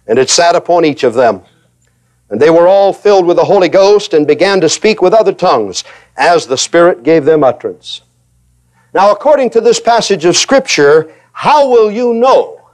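High-voiced animated male preacher. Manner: animated, acts out voices of reluctant believers; emphatic repetition. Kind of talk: sermon.

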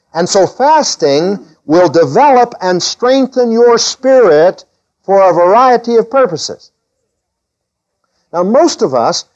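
A man's voice: high-pitched, darkish tone, dull audio. Preaching man, raised scripture readings. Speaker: pastor. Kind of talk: sermon.

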